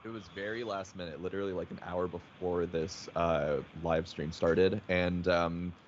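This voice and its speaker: A man co-hosting a podcast livestream, talking in a relaxed, rambling way with fillers and casual swearing. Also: sits low, moderate pace. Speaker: podcast co-host. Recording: dull stream audio with faint hiss.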